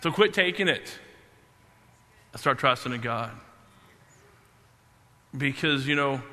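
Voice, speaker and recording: A man preaching a sermon, halting and repeating himself, then slowing down to stress key words. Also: mid-range voice, animated, sharp tone. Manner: halting, repeats and restarts phrases. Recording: long hall reverb.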